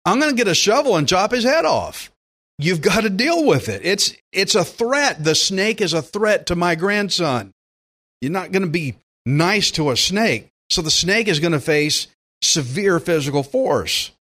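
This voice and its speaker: A man's voice: sits high, very animated, a little slow, a bit bright. An older man teaching through the Bible as a pastor, folksy and emphatic, acting out quotes as he goes.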